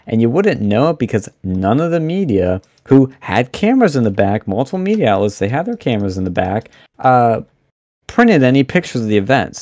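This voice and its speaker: A young man talking as a podcast guest, animated and blunt, rambling with lots of fillers over a remote mic. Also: medium pitch, dry recording, studio quality. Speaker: podcast guest, campus event organizer. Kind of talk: casual podcast interview.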